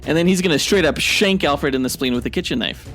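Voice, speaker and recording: A man co-hosting a podcast who trades playful, deadpan rebuttals in a mock fight debate. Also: fairly high pitch, quick pace, soft background music. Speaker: podcast co-host.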